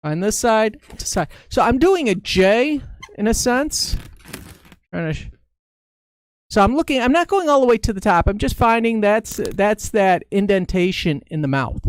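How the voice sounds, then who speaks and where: Narrating every step as he draws a face on a balloon, a man chats casually with viewers during a live-stream tutorial. He speaks at a normal speed in a high, animated voice, with a clean tone and no echo.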